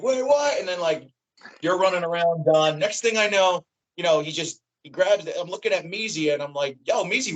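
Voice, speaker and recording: A man guest excitedly retelling what he saw live, his voice jumping high when he quotes himself. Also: low-quality recording. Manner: animated, voice jumps high when quoting himself. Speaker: wrestling fan guest. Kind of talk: excited recounting in casual chat.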